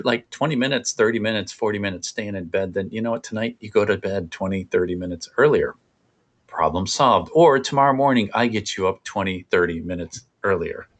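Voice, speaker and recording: A man presenting a parenting workshop in a conversational, animated coaching way. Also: fairly low pitch.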